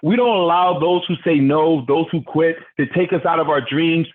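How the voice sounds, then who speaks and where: A man's voice: a little high, normal speed. A man leading a motivational business training call, fired up and preachy, often putting questions to his listeners. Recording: tinny phone-line audio.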